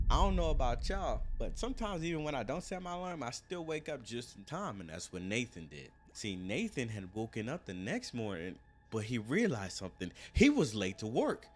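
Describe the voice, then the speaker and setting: A young man telling a crime story in a casual, slangy, joking way. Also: medium pitch.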